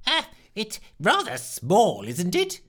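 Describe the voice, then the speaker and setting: A man's voice: huge pitch swings, moderate pace, sharp tone, heavily acted. A man voicing a fretful male scientist who wails and moans in despair. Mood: wailing, despairing. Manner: high, wailing, exasperated.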